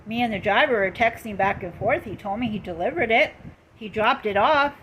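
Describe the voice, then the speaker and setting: A middle-aged woman talks on a live stream, retelling a grievance with heated emphasis and lots of repetition. Her pitch sits in an ordinary middle range. A faint hiss of background noise sits under her voice. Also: brisk, fairly bright tone, rough recording. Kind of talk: casual live-stream storytelling.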